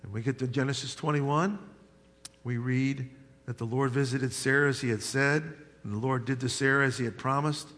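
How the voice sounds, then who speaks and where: A man preaching a sermon as pastor, telling folksy stories and building to loud, emphatic points. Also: mid-range voice, fairly even intonation, moderate pace. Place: church sanctuary. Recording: long hall reverb.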